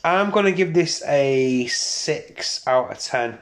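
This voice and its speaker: A man co-hosting a podcast, talking about films in a casual, blunt and animated way with plenty of swearing. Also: fairly high pitch, takes it slowly. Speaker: podcast co-host. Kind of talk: casual film chat.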